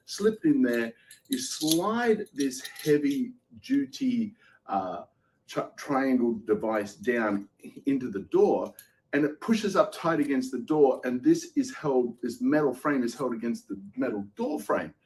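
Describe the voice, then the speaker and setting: A man's voice: medium pitch, lively intonation, measured pace, darkish tone, husky, poor audio. A man hosting a live shopping show, walking through each product's features step by step. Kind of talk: product demonstration.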